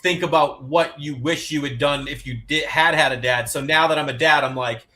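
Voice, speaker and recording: A man with a brisk, bright tone tells stories about his kids in easygoing podcast banter. He acts out each person's lines as he goes and curses now and then. His voice sits a touch high for a man. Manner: animated storyteller, acts out quotes, swears freely. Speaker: divorced dad telling stories. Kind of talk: casual podcast chat.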